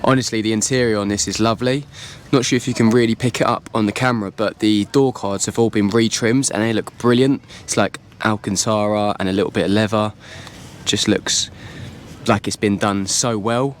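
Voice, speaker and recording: A man's voice: fairly low pitch, steady tone, brisk, slight background noise. Enthusiastic man at a car show. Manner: enthusiastic, chatty, informal slang. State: slightly losing voice. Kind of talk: casual walkaround commentary.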